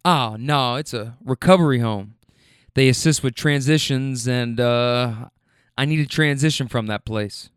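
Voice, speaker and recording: A man's voice: medium pitch, unhurried, smooth, dry recording, clean studio sound, voice pushed down, natural voice. A man quoting a weary, clipped rider. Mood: matter-of-fact. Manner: plain, clipped, street-talk replies. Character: weary grown man leaving a bad living situation.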